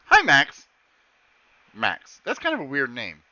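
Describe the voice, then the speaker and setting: A man running a tabletop game as game master, narrating and chatting with players in an animated way. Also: mid-range voice, slow, no echo, highs cut off. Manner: animated, jumps between narration and character voices.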